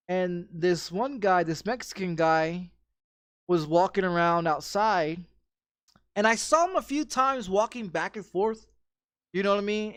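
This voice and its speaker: A man's voice: high-pitched, smooth, dry recording. A man telling a rambling story in casual chat, swearing often and repeating himself with frequent restarts. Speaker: streamer.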